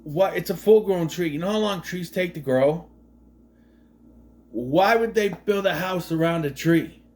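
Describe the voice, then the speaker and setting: A man's voice: sits high, unhurried, darkish tone. A man casually recapping a movie, rambling with fillers and restarts and dropping sardonic, questioning asides. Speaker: movie commentary host.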